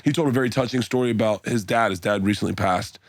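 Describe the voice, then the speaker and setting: On a podcast, a middle-aged male comedian rattles off a meandering anecdote full of swearing, voicing the other characters' quoted lines himself. He talks fast in a fairly low voice, and the studio recording is clean and dry.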